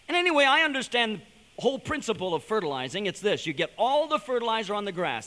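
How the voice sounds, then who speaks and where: A man giving an animated, storytelling sermon-style talk to a young audience, building to emphatic points. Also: sits high, quick pace. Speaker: speaker addressing a young audience. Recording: long hall reverb.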